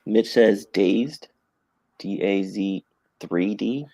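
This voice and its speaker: A man's voice: fairly low pitch, extremely slow, vocal fry, dark tone. A young man co-hosting a podcast, reading out chat messages and teasing the others in a dry way. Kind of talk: casual chat.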